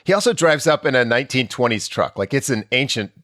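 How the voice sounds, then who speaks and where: A sarcastic, profane man riffing on a comedy podcast. His bright voice swings widely in pitch. The sound is dry and close. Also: animated, quick pace, no room sound.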